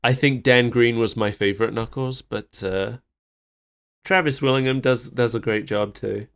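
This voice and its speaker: A man's voice: mid-range voice, moderate pace, fairly bright tone, smooth. A man co-hosting a podcast, recapping a cartoon episode in casual chat and laughing often. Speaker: podcast co-host.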